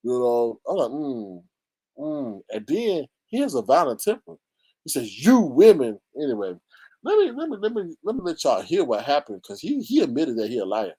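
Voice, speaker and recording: Animated high-voiced man dishing gossip. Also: moderate pace, husky, no room sound. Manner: animated, mocking, jumps into high squeals for quoted voices. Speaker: YouTube commentary host. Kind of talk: casual gossip commentary.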